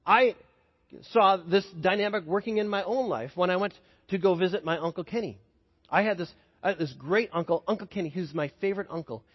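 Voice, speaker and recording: A man with a high, slightly husky voice preaches a sermon, talking casually and checking in with the congregation. His voice rings with a long reverb from a large hall, and the recording sounds muffled and dull. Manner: conversational, asks the congregation questions. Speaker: pastor. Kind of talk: sermon with personal story.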